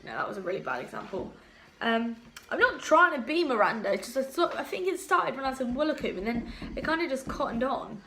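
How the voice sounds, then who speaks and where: A woman's voice: sits high, big pitch swings, quick pace, sharp tone, slight background noise. Chatty young woman vlogger. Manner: chatty, giggly, lots of fillers. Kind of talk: casual chat to camera.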